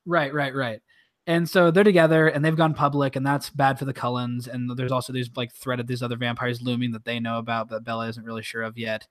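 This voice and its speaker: A podcast co-host in a mid-range voice rambles through a retelling, swearing and slipping into quick mimicked voices. The recording is dry and close, with no room sound. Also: medium pitch, level tone, dry recording. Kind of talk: casual chat.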